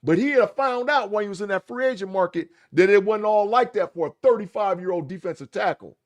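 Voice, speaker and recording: A man's voice: high-pitched, animated, brisk. A man co-hosting a sports podcast, arguing his point bluntly and emphatically in casual debate. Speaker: podcast co-host.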